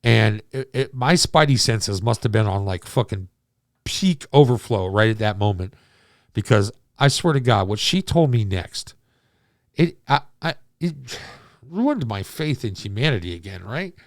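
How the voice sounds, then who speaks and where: Gravelly man telling a story, profane. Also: on the low side, lively intonation, measured pace, no echo, clean studio sound. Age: 40s. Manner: rambling, profane, self-deprecating. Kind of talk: casual storytelling monologue.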